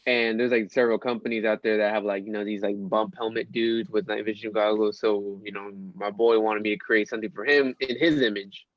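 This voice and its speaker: A man's voice: fairly low pitch, fairly even intonation, brisk, hardly any pauses, dry recording, dull audio. A man speaking as a podcast guest in casual chat, hesitant, with lots of ums and uhs.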